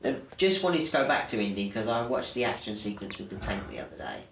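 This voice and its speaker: A man's voice: on the low side, very animated, fast talker, vocal fry, a bit bright. A man interviewing a guest, asking short follow-up questions in a casual tone. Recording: echoey room with faint noise.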